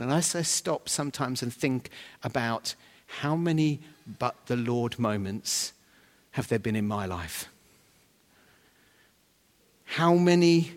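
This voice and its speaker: A man preaching a sermon, humorous and animated, with sudden loud bursts of emphasis. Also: medium pitch. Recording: long hall reverb.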